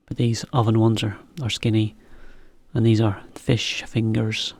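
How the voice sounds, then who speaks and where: A man teaching to learners, talking in a relaxed, chatty way with a laugh now and then. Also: on the low side, a little slow, no room sound. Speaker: English teacher. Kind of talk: slow, clear explanation for learners.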